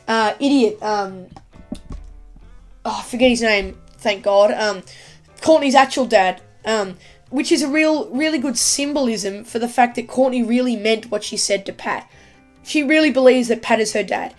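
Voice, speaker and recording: A woman giving a casual, excitable video review of a TV episode, rambling with lots of fillers. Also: a little high, moderate pace, faint music behind. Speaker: YouTube TV reviewer.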